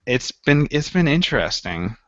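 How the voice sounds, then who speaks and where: A man's voice: mid-range voice, big pitch swings, moderate pace, fairly bright tone, no room sound. A man co-hosting a casual gaming podcast, rambling through stories and acting out what he thought at the time. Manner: rambling storyteller, acts out his own past thoughts. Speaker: podcast co-host. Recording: dull, slightly lo-fi dry sound.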